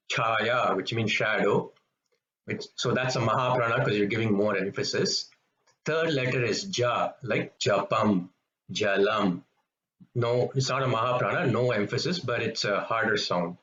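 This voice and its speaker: Guy teaching sounds, patient, repeats stuff slowly, roomy dull-ish audio. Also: mid-range voice, fairly bright tone. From Tamil-speaking background, South India. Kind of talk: explanatory lesson on pronunciation. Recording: echoey, slightly dull room recording.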